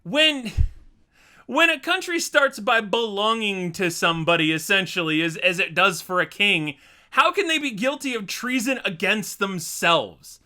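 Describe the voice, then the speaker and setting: A man's voice: high voice, animated, measured pace, bright, forceful tone. A young man hosting a reaction video, chatting casually and thinking aloud in a rambling, self-deprecating way.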